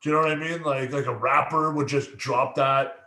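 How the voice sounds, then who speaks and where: A man's voice: mid-range voice, fairly even intonation, fairly quick, sharp tone. Guy on a late night stream, stammers a lot, swears, echoey room. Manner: stammering, repeats words, swears freely. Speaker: podcast co-host.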